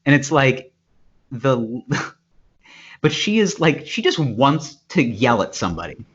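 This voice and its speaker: Animated rambling man on a podcast. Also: mid-range voice, slow, breathy edge. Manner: rambling, animated, puts on voices when retelling stories. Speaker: podcast co-host. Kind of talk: casual chat. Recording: dull lo-fi podcast audio.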